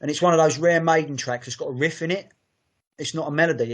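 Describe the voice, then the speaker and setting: A man's voice: mid-range voice, fast, slightly rough. A man co-hosting a podcast, chatting in a sweary, enthusiastic, rambling way. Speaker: podcast co-host. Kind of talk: casual chat.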